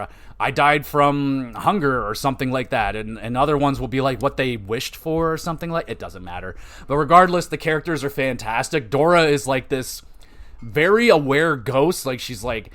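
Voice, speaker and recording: A young Canadian man hosting a podcast, reviewing a game in casual, excited chat, swearing freely and briefly mimicking characters. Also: a little high. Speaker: podcast host.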